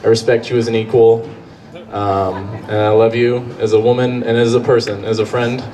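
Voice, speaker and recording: A man's voice: mid-range voice, flat delivery, moderate pace, mellow. A man from Colorado doing live stand-up comedy on a club stage, rambling, profane and self-mocking. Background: audience laughter.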